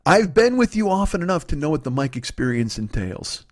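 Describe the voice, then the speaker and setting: A man voicing his patient partner, calm and gently teasing. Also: on the high side, brisk. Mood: amused.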